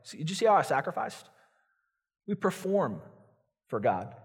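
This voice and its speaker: A man's voice: on the high side, sing-song, moderate pace, husky. Pastor, male, preaching earnestly from the pulpit; voice carries a long reverb from a large hall. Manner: earnest, confessional preaching that acts out inner prayers. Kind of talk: sermon.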